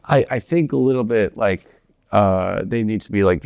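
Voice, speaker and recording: A man's voice: fairly low pitch, moderate pace, vocal fry, darkish tone, clear, resonant tone. A man with an American accent co-hosting a casual sports podcast, rambling and profane, with a jokey delivery. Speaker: podcast co-host.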